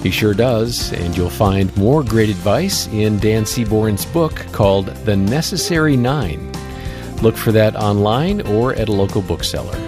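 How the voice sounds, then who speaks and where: A male radio co-host with a lowish, lively voice closes the program in a smooth, upbeat announcer style. Music plays clearly underneath him. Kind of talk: broadcast wrap-up.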